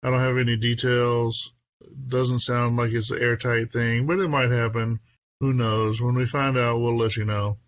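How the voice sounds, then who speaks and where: A man's voice: mid-range voice, flat delivery, normal speed, dry recording, muffled recording. Chatty man hosting a podcast. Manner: laughs often, chatty and upbeat. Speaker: podcast host. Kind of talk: casual podcast chat.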